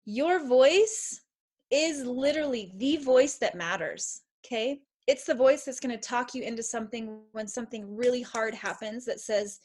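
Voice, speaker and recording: A middle-aged woman with a somewhat high voice speaks as a confidence coach. She is enthusiastic and emphatic. She answers questions on a video call in an encouraging way. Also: normal speed, darkish tone.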